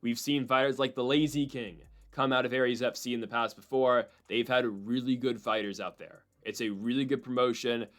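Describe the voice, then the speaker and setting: Animated opinionated man breaking down fights. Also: mid-range voice. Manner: animated, opinionated, mimics people in quick asides. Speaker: MMA prediction channel host. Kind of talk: solo fight-prediction commentary.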